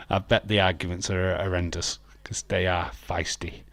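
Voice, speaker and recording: A man's voice: low voice, slow, fairly bright tone, dry recording. A man hosting a casual live stream, chatting loosely, laughing often and answering viewers' comments. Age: adult with children.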